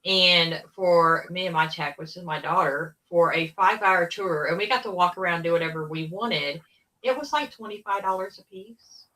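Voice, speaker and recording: A woman with a lowish but sharp, bright voice talks casually, rambling through fillers. She sits back from her microphone on a remote call, so she sounds a little distant. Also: moderate pace. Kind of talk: casual chat.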